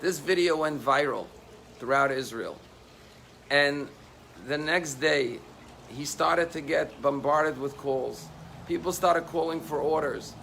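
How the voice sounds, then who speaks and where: A man's voice: fairly high pitch, slow pace, creaky, a bit bright, a little hiss or hum. A man, a rabbi, delivering a sermon as a story, voice rising with emotion on quoted pleas.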